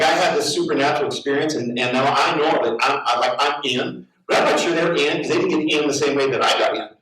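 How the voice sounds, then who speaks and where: A middle-aged male pastor telling a story in a sermon, animated and prone to repeating words as he acts out the people in it. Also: on the high side, far from the mic. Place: large church hall. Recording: very echoey hall, heard from afar.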